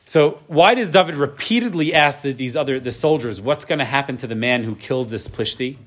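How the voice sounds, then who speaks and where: A Torah teacher talks a little fast in a medium-pitched voice, reading Hebrew Bible verses and explaining them in English. He's animated and frequently checks in with the class using the tag question "right?".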